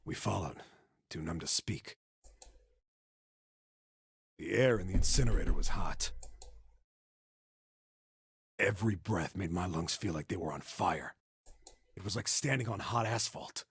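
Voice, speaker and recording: Low-voiced man narrating a story. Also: expressive, unhurried, creaky, long pauses, fairly bright tone, breathy edge, no echo. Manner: plain narration, swearing in asides. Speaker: streamer. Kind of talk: reading a visual novel aloud.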